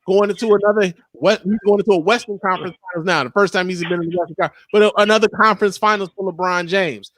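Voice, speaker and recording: A man in his thirties co-hosting a podcast, chatting casually about sports with loud, laughing, profane banter. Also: high-pitched, steady tone, rapid-fire, hardly any pauses, no room sound. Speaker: podcast co-host.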